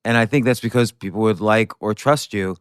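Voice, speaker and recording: A male podcast host asks his guest curious questions, stopping and restarting as he shapes them. His voice is low and clean, recorded close in a dry space. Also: brisk, clear, resonant tone, no echo. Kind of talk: interview questions.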